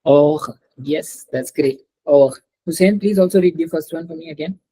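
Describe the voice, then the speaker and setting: A woman leads an online French lesson with a patient, checking manner. Her voice is mellow and a little husky, coming through a video call. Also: deep voice, normal speed, no room sound, low-quality recording. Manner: patient, repeats and checks with students. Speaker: French teacher. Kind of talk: online class teaching.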